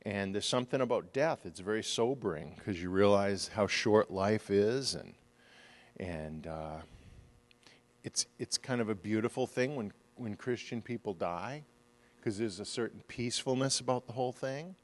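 Pastor preaching in a reverberant church. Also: male voice, lowish voice, normal speed. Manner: swings from hushed storytelling to loud, emphatic preaching. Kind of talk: sermon.

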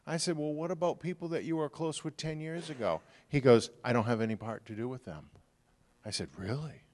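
A middle-aged man preaching from the pulpit with an easy, chatty delivery. His voice sits at an ordinary middle pitch, and he slips into the voices of the people in his stories. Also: fairly quick, a little mellow. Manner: conversational storytelling, acts out quoted people. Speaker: pastor. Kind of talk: sermon.

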